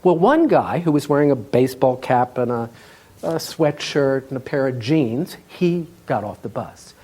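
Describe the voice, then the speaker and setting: Animated husky-voiced male storyteller. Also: medium pitch, moderate pace. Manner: animated, humorous delivery with laughs. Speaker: storyteller, tour guide. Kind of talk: live storytelling performance. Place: festival stage before an audience.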